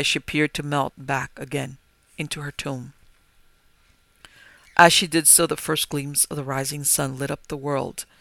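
Gravelly, bright-toned male storyteller. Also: on the high side, dry recording. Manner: measured, grave, rising to forceful cries. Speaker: narrator. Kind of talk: dramatic gothic story reading.

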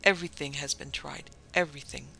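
A man voicing a weary, despairing older man in a dark story reading, speaking low and heavily over faint music. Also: steady tone, a little fast, creaky, exaggerated voice.

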